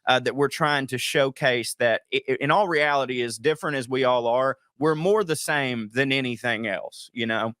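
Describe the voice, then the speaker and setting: A man's voice: medium pitch, normal speed, few pauses, no echo, clean studio sound. A man with a Southern US accent, a comedian guest chatting casually and joking as he rambles through stories. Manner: joking, rambling, animated storyteller. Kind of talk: casual talk-show chat.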